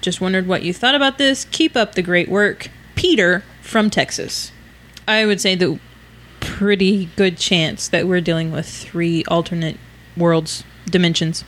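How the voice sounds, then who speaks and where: A woman's voice: on the low side, a little slow, a bit bright. A woman from Oklahoma co-hosting a casual podcast, reading listener emails cheerfully and laughing easily. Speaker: podcast co-host.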